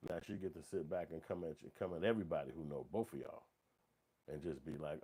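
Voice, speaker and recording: A man's voice: extremely low pitch, fast talker, mellow, breathy edge. A man hosting a morning show, giving rambling, profane, emphatic casual commentary. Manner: rambling, emphatic, profane, repeats "you know what I'm saying".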